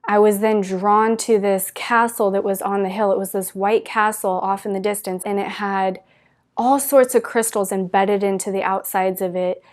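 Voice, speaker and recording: A woman's voice: medium pitch, darkish tone. Earnest woman telling a spiritual story. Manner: earnest, gushing storytelling with many "like" fillers. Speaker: spiritual teacher. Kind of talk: spiritual talk to viewers.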